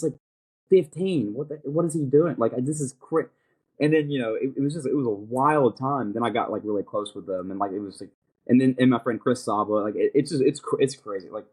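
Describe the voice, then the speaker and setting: A man's voice: medium pitch, a little mellow, breathy edge. A young man hosting a podcast, chatting casually and thinking aloud with many fillers and restarts. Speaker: podcast host. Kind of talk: casual chat.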